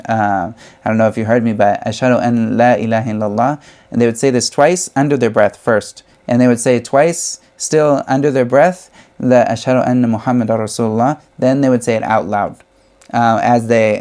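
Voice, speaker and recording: A young man teaching a religious lesson, explaining slowly with many fillers and restarts. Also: mid-range voice, darkish tone. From United States.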